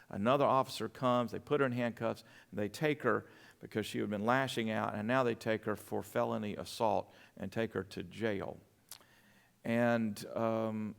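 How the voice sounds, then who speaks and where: A man's voice: fairly low pitch, gravelly. A middle-aged man, a pastor telling a story in his sermon, full of restarts and fillers.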